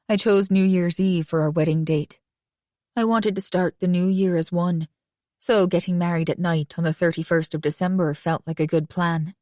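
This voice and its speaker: Lower-voiced woman narrating a romance audiobook. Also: steady tone, moderate pace, warm tone, no echo, clean studio sound. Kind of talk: first-person romance narration.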